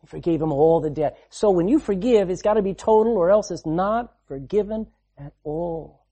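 A man preaching a sermon, repeating phrases for emphasis and swinging between loud and hushed delivery. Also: high voice, normal speed.

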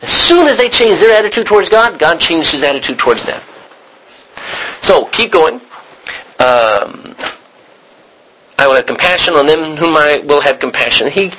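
A man teaching a Bible study class, animated and questioning his students. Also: a little high, moderate pace, pauses often, a little hiss or hum, poor audio.

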